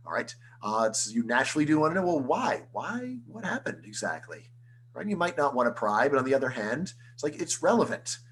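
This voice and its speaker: A man, an economics professor, giving an online lecture in a conversational style, full of rhetorical questions and quick restarts. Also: medium pitch, fairly bright tone, slight background noise, poor audio. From United States.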